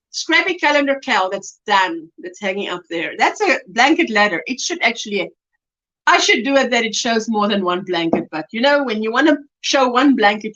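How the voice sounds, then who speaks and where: A woman's voice: mid-range voice, a bit bright. A woman hosting a casual crochet livestream, chatting and laughing often as she reads out viewer comments. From South Africa. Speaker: livestream host. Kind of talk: casual chat while crocheting live. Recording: lo-fi livestream audio.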